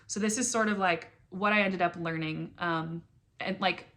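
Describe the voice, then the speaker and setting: A young woman talking candidly in a personal vlog about new motherhood, earnest and emotional, with many fillers and soft laughs, then reading her own poetry. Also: lowish voice, steady tone, normal speed. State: emotional, near tears. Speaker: vlogger.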